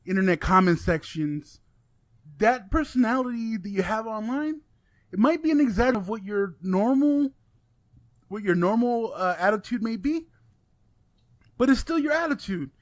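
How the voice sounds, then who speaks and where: A man co-hosting a podcast, making his case in opinionated, expressive casual chat and swearing now and then. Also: high-pitched, dry recording. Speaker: podcast co-host.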